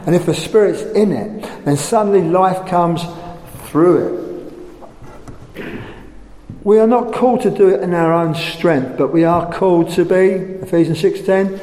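A man's voice: high voice, unhurried, warm tone. An older man preaching a sermon, emphatic and full of rhetorical questions. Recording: echoey hall, faint room noise.

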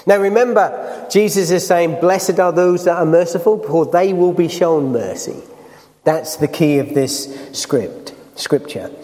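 A man's voice: on the high side, unhurried, dark tone, big-room sound. A man preaching a sermon, reading scripture and putting earnest questions to the congregation.

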